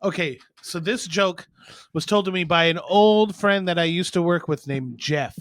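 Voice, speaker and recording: A man co-hosting a podcast, telling a long rambling joke in casual chat, with squeaky outbursts for his characters. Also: normal speed, no echo. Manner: animated storytelling, squeaky voices for characters. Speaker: podcast co-host. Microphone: studio mic.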